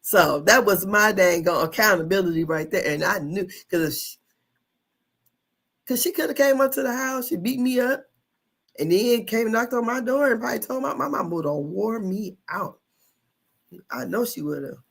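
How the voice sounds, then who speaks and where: A woman's voice: medium pitch, lively intonation, moderate pace, vocal fry, a bit bright, husky. A woman in her fifties, a podcast host telling a childhood story in casual chat, laughing often and swearing freely.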